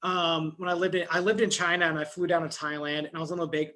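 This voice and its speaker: A man's voice: on the high side, little pitch movement, fast, pushed and bright. A man hosting an interview, talking in a laid-back way with rambling asides. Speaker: interview host. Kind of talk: casual interview conversation.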